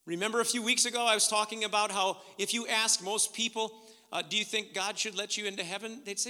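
A man preaching a sermon, retelling scripture and swinging from hushed, intimate lines to loud, emphatic ones. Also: high-pitched, fairly even intonation, quick pace, long reverb tail. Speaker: pastor.

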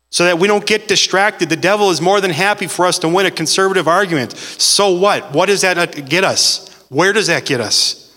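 A man preaching a sermon with earnest, repetitive phrasing, slowing down to stress key words. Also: fairly high pitch, pushed and bright. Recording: long hall reverb.

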